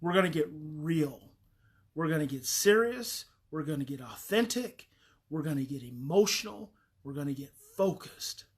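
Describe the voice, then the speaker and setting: A woman's voice: low-pitched, expressive, moderate pace, slightly rough. Woman, parenting advice host, earnest, emphatic, repeats key phrases.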